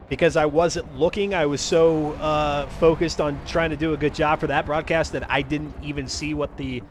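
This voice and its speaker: A high-pitched man calls a live sim race for his stream, drifting into chatty asides with his viewers. Noise hums steadily behind his voice. The delivery is loose and rambling. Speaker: race commentator and stream host. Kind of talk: live sim racing commentary.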